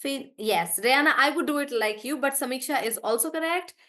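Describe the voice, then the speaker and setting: A woman's voice: high-pitched, fairly bright tone. Encouraging woman teaching an online class. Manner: encouraging, draws out syllables slowly when modeling words. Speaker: English pronunciation teacher. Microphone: video call.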